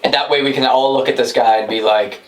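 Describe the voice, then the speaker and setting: A man's voice: mid-range voice, fairly even intonation, fast talker, a little hiss or hum. A man co-hosting a podcast in casual chat, blunt and swearing a lot. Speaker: podcast co-host.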